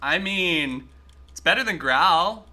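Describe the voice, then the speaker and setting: A man streaming a game live, chatting excitably with his viewers and swearing freely as he plays. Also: high-pitched, slow pace. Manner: talks to chat while playing. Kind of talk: casual live-stream gaming commentary.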